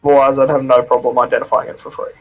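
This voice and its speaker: A man's voice: medium pitch, flat delivery, very fast, faint music behind, poor audio. A man talking as a player in a casual tabletop game, matter-of-fact.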